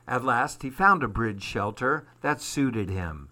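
A man reading a children's storybook aloud in a slow, measured way. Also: mid-range voice, expressive, pushed and bright. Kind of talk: storybook narration.

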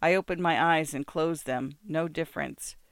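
Smooth clear storyteller reading a first-person novel, steady and measured, dry close sound. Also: medium pitch, no echo. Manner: measured, descriptive, smooth delivery. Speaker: narrator.

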